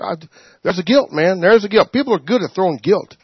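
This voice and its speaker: A man leading a Bible study, preaching informally in an animated way, laughing and acting out quotes. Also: sits high, fairly quick, slightly rough, dry recording. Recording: dull, muffled sound.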